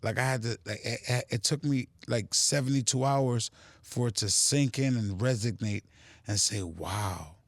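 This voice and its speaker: Brief: male podcast guest, mid-pitched, emphatic motivational storyteller, dry close sound. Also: fairly even intonation, normal speed, dry recording. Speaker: guest, cannabis company co-founder. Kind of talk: casual podcast conversation.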